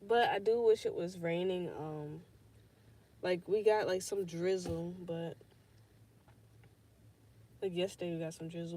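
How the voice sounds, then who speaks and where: A woman's voice: lowish voice, a little slow, pauses often, mellow. A young woman hosting a casual podcast livestream, rambling and swearing as she thinks aloud, with lots of fillers. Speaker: podcast host.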